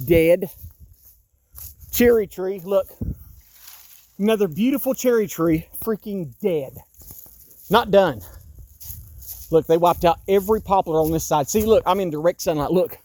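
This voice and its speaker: A man's voice: sits high, a little slow, long pauses, a little mellow, dry recording. Fiftyish man, exasperated outdoor vlog rant into a phone. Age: 50s. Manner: agitated, exasperated, repeats himself. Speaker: vlogger. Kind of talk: walking-tour vlog rant. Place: outdoors in a wooded yard.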